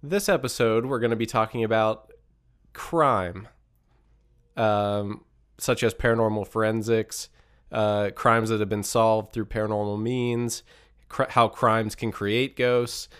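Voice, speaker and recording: A man's voice: on the low side, steady tone, measured pace, smooth. A man hosting a podcast, talking casually and a bit nasal from a recent illness, with an easygoing manner. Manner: easygoing, laid-back with fillers. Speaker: podcast host. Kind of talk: casual podcast chat and ad read.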